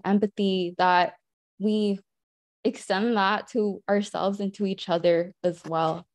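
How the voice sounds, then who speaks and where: A young woman, a student council member, giving earnest, measured remarks at a meeting with frequent pauses. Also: medium pitch, warm tone, no echo. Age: young adult.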